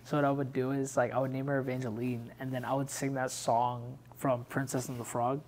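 A young man co-hosting a casual podcast, chatty and relaxed, often laughing. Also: medium pitch, fairly quick, a little hiss or hum. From Pacific islands heritage, Filipino. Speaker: podcast co-host. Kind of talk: casual chat.

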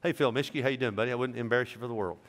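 A man's voice: medium pitch, very fast, a bit bright. A middle-aged man preaching a sermon as pastor, in a folksy, joking, conversational way. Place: large church sanctuary. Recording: reverberant church hall.

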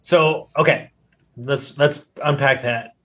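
A male podcast host with a mid-range voice turns to his listeners to recap, slowing down to stress key points. He speaks in an emphatic, engaged tone. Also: mid-range voice, fairly even intonation, pushed and bright. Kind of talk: podcast interview.

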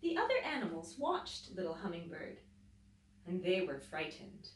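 A woman teacher reading a picture book aloud to children, pausing to explain things as she goes. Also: fairly low pitch. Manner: slow, expressive storytelling with explanatory asides. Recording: roomy echo, voice from a distance.

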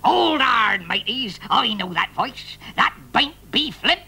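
A blustering pirate crewman, high and gravelly. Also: lively intonation, slow pace, pushed and bright, full character voice. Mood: defiant. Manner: gruff rustic dialect, blustering. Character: surly male pirate crewman.

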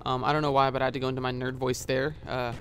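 A man's voice: medium pitch, little pitch movement, rapid-fire, a bit bright, a little hiss or hum. Guy rambling over a shooter game, lots of uhs, headset mic, faint gunfire in the background. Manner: rambling, many filler uhs, swearing at the game. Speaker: gaming YouTuber. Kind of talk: casual gameplay commentary. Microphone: gaming headset.

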